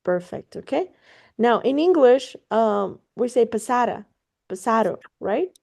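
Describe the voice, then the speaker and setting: A woman teaches Spanish one-on-one on a video call. Her voice sits fairly high and she speaks slowly. She explains in relaxed English peppered with Spanish, encourages her student often, and curses casually. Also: creaky. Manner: casual, encouraging, swears offhandedly, laughs easily. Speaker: Spanish tutor. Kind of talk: online one-on-one language lesson.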